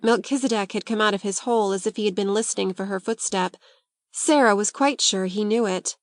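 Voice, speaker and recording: A woman narrating a classic novel as an audiobook, in a measured, gentle storytelling manner. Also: mid-range voice, dry recording, studio quality.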